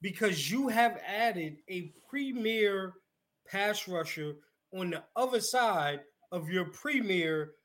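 A man's voice: high voice, lively intonation, takes it slowly, fairly bright tone. A man co-hosting a podcast in a casual sports chat, speaking emphatically and repeating his point. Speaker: podcast co-host.

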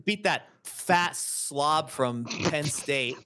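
A man's voice: a little high, expressive, extremely slow, sharp tone. Blunt, opinionated male co-host. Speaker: podcast co-host. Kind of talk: casual podcast chat about fight picks.

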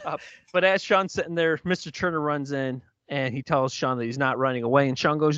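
A man's voice: medium pitch, fairly even intonation, moderate pace, fairly bright tone, smooth, no room sound, highs cut off. A man co-hosting a podcast, casually recapping a show in a laid-back way. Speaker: podcast co-host. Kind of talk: casual chat, recapping an episode.

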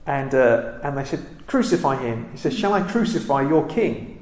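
Halting man teaching scripture. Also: medium pitch, animated, a little mellow, roomy sound. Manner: reflective, halting with many ums and restarts. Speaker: Bible teacher. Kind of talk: Bible study talk.

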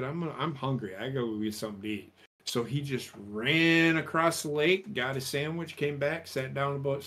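A man co-hosting a casual podcast, telling an old joke with animated delivery and laughing at his own punchlines. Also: medium pitch. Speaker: podcast co-host.

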